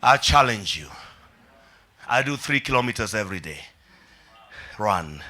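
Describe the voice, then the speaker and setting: In a church, a male pastor preaches with high energy, frequently shouting and having the congregation echo him. He speaks in a lowish voice at a measured pace.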